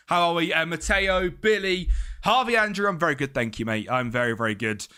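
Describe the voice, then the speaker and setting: A man's voice: fairly high pitch, a little fast, bright, forceful tone, clean tone. A young man, chatting casually with his live-stream chat and greeting viewers by name.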